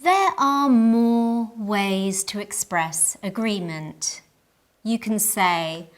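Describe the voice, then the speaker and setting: A woman teaching an English lesson, speaking at an extremely slow, careful pace. Her voice sits at an ordinary pitch, and every word is clear and deliberate, as in a scripted lesson.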